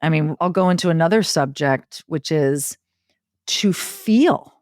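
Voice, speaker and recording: A middle-aged woman telling stories in an interview, expressive and building long rhythmic lists. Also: deep voice, measured pace, no echo, clean studio sound. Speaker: podcast guest, circle facilitator. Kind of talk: conversational interview.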